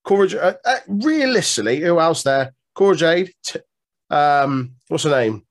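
A man's voice: fairly high pitch, expressive, normal speed. A man co-hosting a podcast, joking and swearing freely in casual chat. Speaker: podcast co-host.

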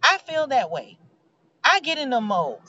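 Woman, motivational faith talk, casual and earnest, slightly high voice, dull recording. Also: very animated, measured pace, pushed and bright. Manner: heartfelt, preachy, conversational. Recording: dull lo-fi sound.

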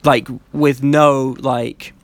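A man's voice: medium pitch, extremely slow. A man chatting casually on a podcast, telling stories with lots of fillers and restarts. His voice sits in a middle register and sounds dry and close, with no room echo. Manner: rambling, animated storytelling with many fillers. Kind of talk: casual chat.

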